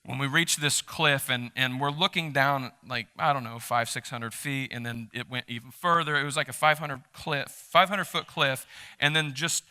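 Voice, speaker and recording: A male pastor giving a live sermon in a church, animated and emphatic, joking with the congregation. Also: fairly high pitch, clear, resonant tone. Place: church sanctuary during a service.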